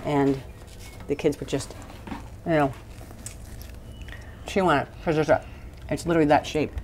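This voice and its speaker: A woman with a notably low voice talks through a recipe in a kitchen. She rambles and laughs easily, with a little faint noise behind her. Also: fairly even intonation, moderate pace, darkish tone. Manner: chatty, rambling, laughs often. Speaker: cooking show host. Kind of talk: casual cooking demonstration.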